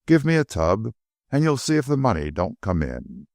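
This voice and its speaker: A man's voice: mid-range voice, wildly swooping pitch, normal speed, a little mellow, dry recording, clean studio sound. A man voicing an older, loving working-class female servant who talks in homely, ungrammatical speech. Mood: emphatic.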